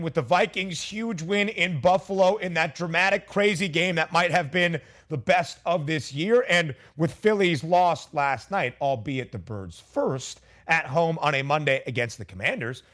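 A man hosting a sports betting talk show, leading a lively, playful segment with his guests. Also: on the high side, moderate pace, few pauses.

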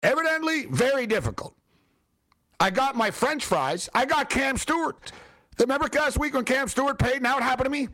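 A man hosts his own show and rants through a story in a loose, filler-heavy way. His voice sits high for a man and leaps up and down as he gets worked up. He sounds exasperated and animated. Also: moderate pace. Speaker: show host. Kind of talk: casual ranting storytelling.

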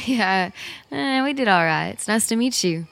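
A woman's voice: mid-range voice, expressive, measured pace, gravelly, a bit bright, dry recording. An actress playing a young woman on a weekend trip who laughs easily. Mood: playful.

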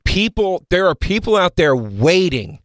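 Animated, profane man on a podcast. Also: high-pitched, measured pace, dry recording. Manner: blunt, profane, animated storytelling. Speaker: comedian co-host. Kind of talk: casual podcast banter.

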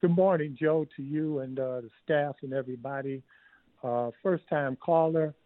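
A man's voice: a little high, normal speed, no room sound. A man from Detroit calling in to a radio show, plainspoken and matter-of-fact. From Detroit, Michigan. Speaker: caller. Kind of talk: phone-in comment. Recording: tinny dry phone line.

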